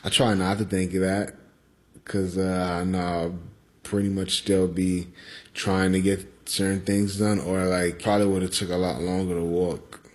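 Low-voiced man in his thirties. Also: flat delivery, normal speed. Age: 30s. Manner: casual, hesitant talk with fillers. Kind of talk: interview clip.

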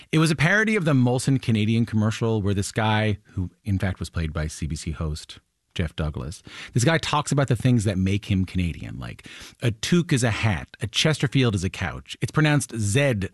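A man's voice: fairly low pitch, no echo. Radio host guy, friendly, voice jumps around a lot, close dry mic. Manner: friendly, animated, asks short follow-ups. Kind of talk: radio interview and scripted intro. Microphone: studio microphone.

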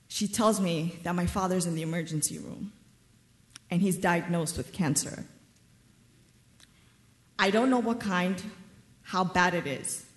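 A woman in her thirties from New York telling a personal story on a theater stage, measured and wryly funny. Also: medium pitch. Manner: wry, measured storytelling with dry humor. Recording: roomy theater reverb.

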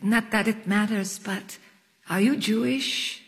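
A woman reading the lines of a shy young male rabbi with a Yiddish-tinged French accent and dry, soft-spoken humor. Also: medium pitch, slow. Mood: dryly bashful. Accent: French with Yiddish tinge, put on. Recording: long echoing reverb.

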